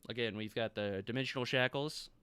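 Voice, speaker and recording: A man's voice: medium pitch, a little fast, bright, forceful tone, smooth, no echo. A man acting as game master, explaining rules and items in a matter-of-fact way. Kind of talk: narrating a tabletop game.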